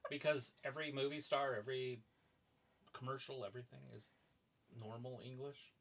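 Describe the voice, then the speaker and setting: A man co-hosting a live stream, chatting casually in a relaxed, laid-back way. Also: mid-range voice, moderate pace. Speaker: stream co-host. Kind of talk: casual chat.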